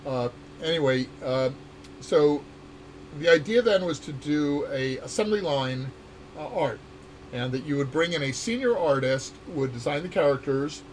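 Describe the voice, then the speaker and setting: A man's voice: a little high, lively intonation, unhurried, slight background noise. An older man, a game designer, chatting casually and rambling with many uh's and restarts. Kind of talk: casual dev chat.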